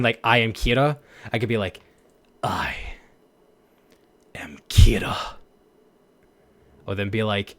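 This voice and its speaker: A young man voice actor chatting casually with viewers, rambling with lots of "like" and laughing at himself. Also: medium pitch. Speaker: voice actor streamer. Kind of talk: casual chat.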